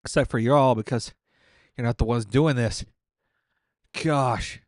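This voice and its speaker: Eating painfully spicy wings while streaming a game, a gaming content creator sweats, tears up and groans in exasperation, still offering casual gameplay commentary. His mid-range voice is unhurried, in studio quality with no echo.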